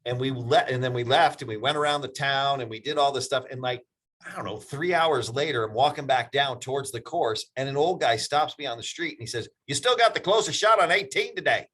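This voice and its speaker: A man's voice: medium pitch, brisk, fairly bright tone. Easygoing podcast host man. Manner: easygoing, laughs along, short affirmations. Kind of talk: casual podcast conversation.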